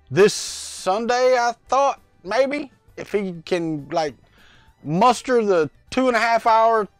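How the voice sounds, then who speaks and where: A middle-aged man with a high, light voice chats loosely on a home livestream, wandering off topic and calling out viewers by name. His voice is close and dry on a clip-on mic, with faint music underneath. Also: no room sound. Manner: rambling, chatty, greets viewers by name. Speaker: livestream host. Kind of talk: casual live-chat vlog. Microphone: lavalier mic.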